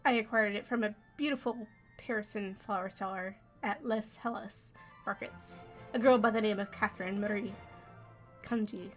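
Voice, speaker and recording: A woman's voice: mid-range voice, steady tone, normal speed, soft background music, close to an everyday voice. A woman reading as a courteous young prince. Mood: earnest. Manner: courteous, formal storytelling. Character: polite earnest young male prince.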